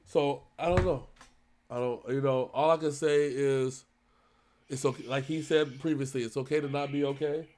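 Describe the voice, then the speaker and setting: A man in his thirties co-hosting a reaction channel, talking earnestly and haltingly with many restarts. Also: mid-range voice, steady tone, a little mellow, a little hiss or hum. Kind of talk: emotional casual talk.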